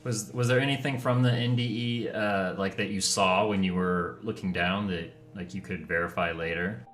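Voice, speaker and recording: A man hosting a podcast, asking his guest quiet, hesitant questions. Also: sits low, fairly even intonation, moderate pace, faint music behind. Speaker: podcast host. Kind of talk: interview questions.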